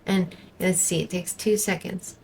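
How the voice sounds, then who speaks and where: A woman's voice: lowish voice, fairly even intonation, measured pace, vocal fry, darkish tone, a little hiss or hum, poor audio. A woman vlogger giving exasperated, indignant commentary as she reacts to a protest video from home. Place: indoors at home.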